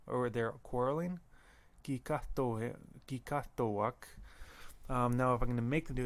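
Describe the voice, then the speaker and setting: A man teaching a language lesson, slowly repeating words and pausing to think. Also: mid-range voice, fairly even intonation, gravelly. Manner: slow, careful, repeats words with pauses. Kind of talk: recorded audio lesson.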